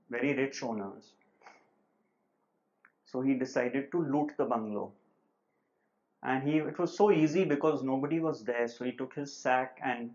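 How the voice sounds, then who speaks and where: A man's voice: medium pitch, a little mellow. A man telling a joke aloud in a conversational storytelling manner. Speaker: joke teller. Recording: dull lo-fi recording.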